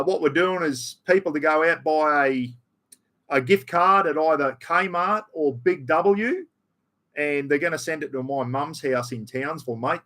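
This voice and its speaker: A man's voice: a little high, a bit bright. A middle-aged Australian man chatting casually on his livestream, reading out chat comments in a broad, blokey way. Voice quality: broad, blokey, says "mate" and "bloody" a lot. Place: room at home with aircon.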